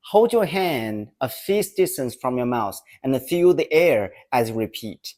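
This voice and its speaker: A man teaching Mandarin pronunciation in a scripted lesson, saying syllables slowly and clearly and drilling them for the listener to repeat. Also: mid-range voice, big pitch swings, darkish tone.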